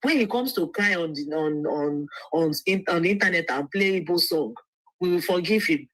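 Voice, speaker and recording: A woman's voice: on the low side, moderate pace, fairly bright tone, no room sound, poor audio. A woman, a lawyer speaking as a guest on a livestream, earnest and often restarting her words. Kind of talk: livestream interview.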